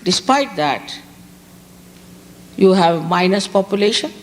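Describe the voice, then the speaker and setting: A woman's voice: mid-range voice, lively intonation, takes it slowly. A woman from India with an Indian accent, giving a public spiritual talk and repeating key words for emphasis. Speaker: spiritual teacher. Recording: reverberant hall, faint background hiss.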